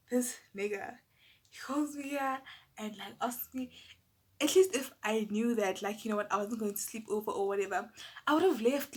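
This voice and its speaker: A young South African woman telling a personal story to camera in a casual, animated, exasperated way. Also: a little high, husky. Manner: animated, exasperated, lots of fillers and asides to viewers.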